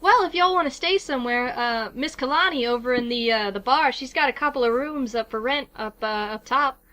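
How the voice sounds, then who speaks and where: A man's voice: extremely high pitch, fairly quick, pushed and bright. A man doing a cheery southern florist. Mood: chatty. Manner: cheerful and welcoming. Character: friendly young male southern florist.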